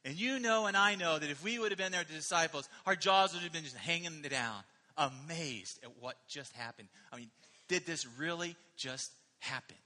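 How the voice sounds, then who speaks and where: A male pastor preaching a sermon in an animated, emphatic way, often asking the listeners questions. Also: on the high side, normal speed, in a large hall.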